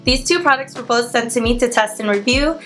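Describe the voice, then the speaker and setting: A woman's voice: a little high, fairly quick, a bit bright, faint music behind. A young woman with a cold and a congested voice, chatting through a makeup tutorial and explaining each product step by step. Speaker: beauty vlogger. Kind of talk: makeup tutorial talk to camera.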